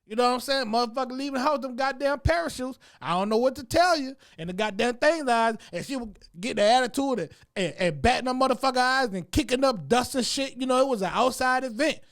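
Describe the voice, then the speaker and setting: A man, a comedy show host, delivering a profane, animated comic rant about what he has seen around town. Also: very high-pitched, fast, hardly any pauses.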